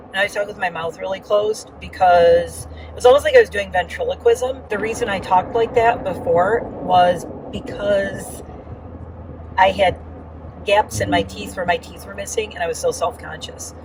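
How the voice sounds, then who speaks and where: A woman's voice: mid-range voice, moderate pace, recorded from a distance, noisy background. A woman giving a casual, rambling vlog update with lots of fillers, talking while riding in a car. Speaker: vlogger.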